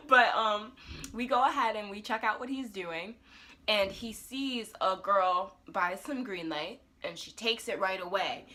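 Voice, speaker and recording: Bright-voiced woman recapping a TV episode. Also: medium pitch. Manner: animated storytelling that acts out characters' lines. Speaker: TV review vlogger. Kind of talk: casual recap and review.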